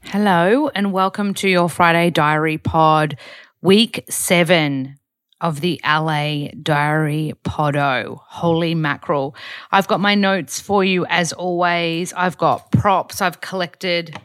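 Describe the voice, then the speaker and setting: A woman's voice: on the low side, fairly even intonation, slow, fairly bright tone, dry recording. Chatty woman, dry close sound. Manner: chatty, rambling, playful. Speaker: podcast host. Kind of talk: casual diary chat.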